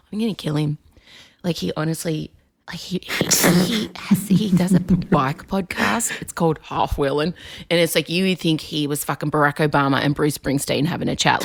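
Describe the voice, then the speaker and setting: A woman hosting a podcast, talking in animated, ranty bursts full of swearing and quick asides. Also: low-pitched, gravelly, slightly rough. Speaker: podcast host. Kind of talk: casual chat.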